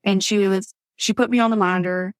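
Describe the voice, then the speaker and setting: Animated woman telling her birth story. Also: medium pitch, fairly quick, dry recording. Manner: animated storytelling, acts out quotes. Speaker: podcast guest.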